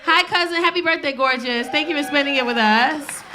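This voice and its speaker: A woman's voice: high voice, fairly quick. A woman comedian telling a brash, profane story on stage and working the crowd, recorded live in a comedy club. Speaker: stand-up comedian. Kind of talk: stand-up comedy with crowd work.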